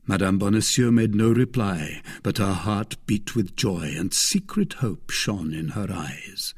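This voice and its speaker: A man narrating a classic novel as an audiobook, in measured, expressive storytelling. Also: low-pitched, husky. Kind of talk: scripted narration.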